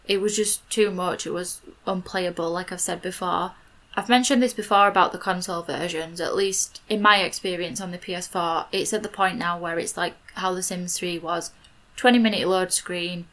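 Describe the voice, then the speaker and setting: A woman's voice: fairly low pitch, a bit bright. A woman in her twenties with a Yorkshire accent, chatting casually over a game build video, rambling with lots of "like" fillers. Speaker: video creator.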